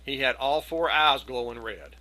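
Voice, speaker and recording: A middle-aged man telling a long, animated anecdote on a video call, slipping into the voices of the people in it. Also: medium pitch, moderate pace, poor audio. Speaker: community gathering participant. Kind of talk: casual storytelling.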